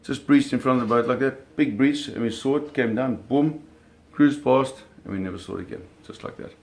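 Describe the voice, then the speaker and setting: Speaking a little fast in a gravelly, medium-pitched voice, a man relives shark hunting in a casual spoken anecdote. He acts out the sounds with vivid energy and keeps correcting himself and repeating words.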